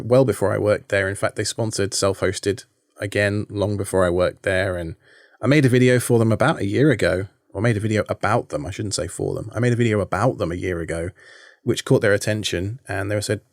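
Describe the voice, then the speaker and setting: A man's voice: lowish voice, vocal fry, no echo, clean studio sound. A man in his thirties with a British accent, chatting casually as a podcast guest with self-deprecating asides.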